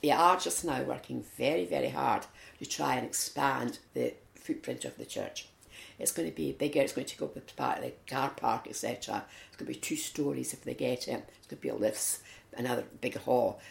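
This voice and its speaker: A low-voiced Scottish woman with vocal fry tells anecdotes in a chatty interview, recorded in an echoey room. She volunteers in her community and is a lively storyteller who acts out quotes.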